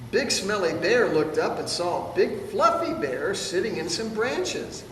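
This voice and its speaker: Man reading a kids' picture book out loud, playful, slow and bouncy, far off in an echoey hall with noise. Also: high voice. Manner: animated, playful, points at the pictures. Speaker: storybook reader.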